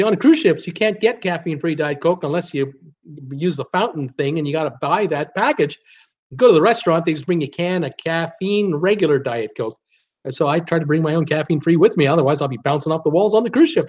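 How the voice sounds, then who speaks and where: Brief: lively male live-stream host, somewhat high voice, dull lo-fi sound. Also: fast. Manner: animated, reads comments aloud with frequent fillers and laughs. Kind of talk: casual live chat reading viewer comments.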